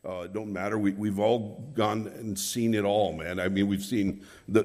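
A man from New Mexico preaching a sermon as a guest preacher, halting, with many restarts and fillers. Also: fairly low pitch, steady tone, darkish tone, long reverb tail. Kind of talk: sermon with prayer. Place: church.

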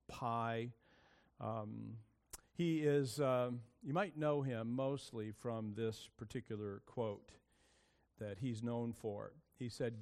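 A man's voice: medium pitch, darkish tone. A man preaching a sermon, opening with prayer and explaining word origins in an easygoing, thinking-aloud way. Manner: casual, thinking aloud with fillers. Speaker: pastor.

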